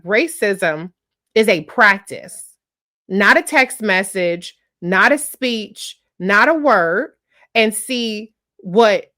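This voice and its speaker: A woman co-hosts a talk radio show and argues her points bluntly and with force. She swears freely and keeps pressing her case without softening it. Her voice sits at a middle pitch, recorded close in a dry studio. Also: no room sound. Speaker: radio co-host.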